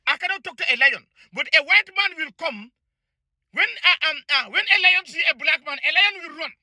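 A man rants at the camera, heated and profane, his voice very high and swinging widely up and down. His tone is piercingly bright, and the recording is dry and close with no room sound. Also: animated, normal speed, dry recording. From Africa. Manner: indignant, heated, profane, repeats phrases. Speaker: vlogger. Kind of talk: angry ranting monologue.

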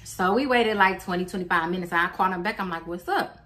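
Woman in her 20s, storytime vlogger: blunt, animated, curses freely. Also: on the low side, fast talker, slight background noise. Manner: animated, blunt, swears freely, acts out quotes. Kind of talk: casual storytime.

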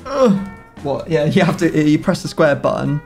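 A man's voice: fairly high pitch, very animated, moderate pace, vocal fry, a little mellow, faint music behind. A young man chatting casually during a football video game match, with teasing, chuckling asides. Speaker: gaming YouTuber. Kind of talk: casual gameplay chat.

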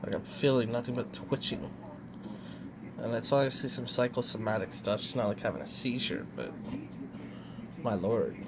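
A vlogger talking casually, softly reassuring a pet in hushed tones that slip into whispers. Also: medium pitch, lively intonation, normal speed, pauses often, noisy background. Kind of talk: casual vlog, soothing a pet.

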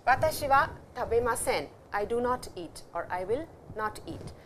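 Woman teaching, slow example sentences. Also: a little high, expressive, slight background noise. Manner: explanatory, repeats example sentences slowly. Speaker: language teacher. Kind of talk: classroom lecture.

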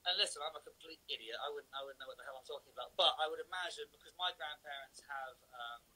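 A man's voice: fairly high pitch, quick pace, sharp tone, breathy edge, poor audio. A man hosting a casual live video chat, self-deprecating and chatty, trailing off into fillers. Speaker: livestream host. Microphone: phone.

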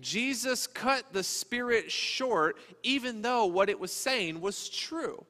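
A man in his role as pastor preaches with a bright, forceful tone that sits a little high for a man. His delivery is conversational and animated. The sound rings with the long reverb of a church sanctuary. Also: slow. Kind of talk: sermon.

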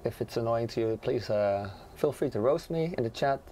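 Hoarse, raspy man hosting a stream. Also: mid-range voice, lively intonation, moderate pace, warm tone, slight background noise. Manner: hesitant, many fillers and restarts. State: hoarse from being sick. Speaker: livestream co-host. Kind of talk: casual livestream chat.

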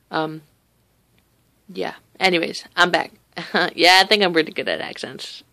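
A teenage girl lying on her bed indoors talks casually to her camera, with a gravelly, fry-laden edge to her voice. She rambles freely and swears offhandedly, in an easy chatty way. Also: on the low side, a little slow, pushed and bright, no room sound. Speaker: vlogger. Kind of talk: casual chat.

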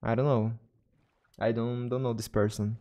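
A man's voice: medium pitch, flat delivery, mellow. Brazilian man chatting on a gaming stream. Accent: Brazilian Portuguese. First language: Portuguese. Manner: halting, repeats and restarts words, chats to viewers. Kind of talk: casual gaming livestream chat.

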